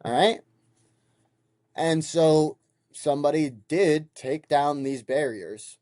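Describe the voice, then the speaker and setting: A man's voice: on the high side, slow pace, no room sound, studio quality. A young man in his twenties, hosting a podcast and telling a heated, profane story in a casual monologue. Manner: heated, profane, animated retelling. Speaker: podcast host.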